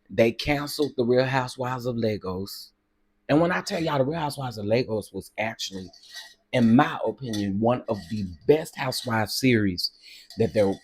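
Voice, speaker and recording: In a dry recording, a man with a husky, mid-range, darkish voice runs a livestream of casual chat. He reads comments and gossips, chatty as ever and fond of saying "y'all" and "girl."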